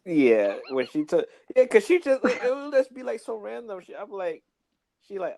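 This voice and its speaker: A man's voice: high voice, big pitch swings, normal speed, darkish tone, no room sound. A man on a casual podcast, blunt and laid-back, swearing freely. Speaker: podcast co-host. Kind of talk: casual chat.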